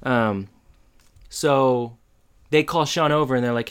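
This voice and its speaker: Man co-host, easygoing, rambling plot recap, mid-pitch voice. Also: slow, smooth. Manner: relaxed, rambling narration with fillers. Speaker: podcast co-host. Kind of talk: casual chat recapping a TV episode.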